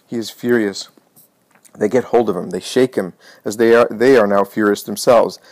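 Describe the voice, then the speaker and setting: A man narrating a religious book in a measured, solemn reading. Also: lowish voice, fairly even intonation, darkish tone, no echo. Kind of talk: dramatized reading of a religious text.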